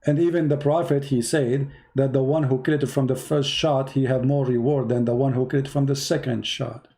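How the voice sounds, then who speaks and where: Sarcastic man with a mellow voice. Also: medium pitch, steady tone, fairly quick. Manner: sarcastic, emphatic, mocking; non-native English grammar. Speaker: religious debater. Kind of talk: mocking polemic commentary.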